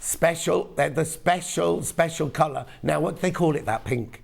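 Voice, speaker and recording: Hoarse male shopping presenter, gravelly, slightly high, chatty and self-mocking. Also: normal speed. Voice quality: croaky, gravelly. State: hoarse, losing his voice. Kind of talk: live sales presenting.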